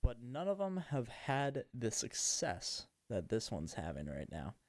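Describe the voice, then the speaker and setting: Slow, rambling man chatting while gaming. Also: mid-range voice, wildly swooping pitch, a little mellow, no room sound. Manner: rambling and self-mocking, with many fillers. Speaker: gaming podcast host. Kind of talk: casual chat while playing a game.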